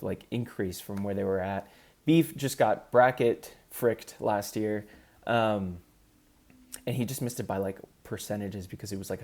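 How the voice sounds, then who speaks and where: A man's voice: medium pitch, darkish tone. A man in casual commentary, ranking competitive gamers in an upbeat, chatty way with frequent ums.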